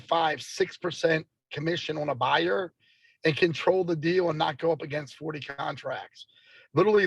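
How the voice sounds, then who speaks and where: Brief: male agent, fairly high voice with gravel, motivational coach on a video call. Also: low-quality recording. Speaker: real estate agent and team leader. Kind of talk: casual group video-call discussion.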